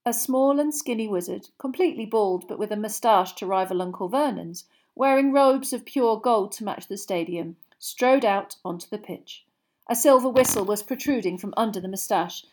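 A woman reading a storybook aloud in steady narration. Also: mid-range voice. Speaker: audiobook reader.

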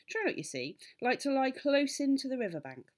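A woman reading aloud, voicing an excitable, mischievous little old village doctor who rises to loud indignant bursts. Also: high voice, normal speed, voice pushed up. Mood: genial, conspiratorial.

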